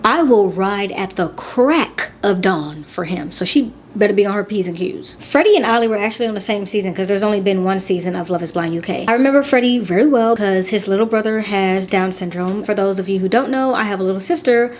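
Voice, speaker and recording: A young adult woman giving casual, chatty reaction commentary as a vlogger, talking in an animated and slangy way. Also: medium pitch, a little fast, few pauses, a little hiss or hum. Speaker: vlogger reacting to a dating show.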